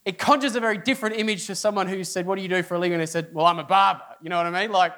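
His voice sits high and races along very fast as this middle-aged pastor tells his congregation a comic story in the church hall. He animates the tale by acting out its people, pushing his voice upward for their inner outbursts.

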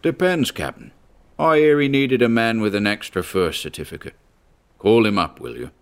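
A man voicing a gruff old male sailor ghost who talks in a laconic, folksy drawl. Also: lowish voice, sing-song, moderate pace.

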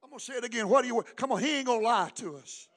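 Casting: older pastor, man, high piercing voice, preaching with call-and-response, hushed then shouting. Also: animated, racing. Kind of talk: sermon.

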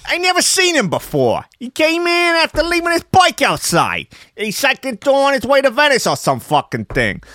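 A man putting on a loud, swearing Italian-American accent to voice a brash middle-aged shop owner. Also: very high voice, huge pitch swings, moderate pace, few pauses, dry recording, clean studio sound, voice pushed up, exaggerated voice. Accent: put-on Italian-American.

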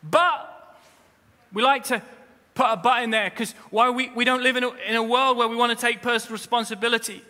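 Bright, forceful male preacher in a hall. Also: steady tone, a little fast. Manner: emphatic preaching that swells to loud, high-pitched peaks; direct address to the congregation with humorous asides. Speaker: pastor. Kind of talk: sermon. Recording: long reverb of a large hall.

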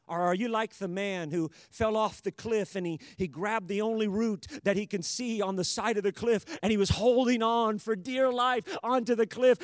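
High-voiced man preaching emphatically. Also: fairly even intonation, normal speed, hardly any pauses, no echo, clean studio sound. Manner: emphatic, rising to loud exhortation. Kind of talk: sermon.

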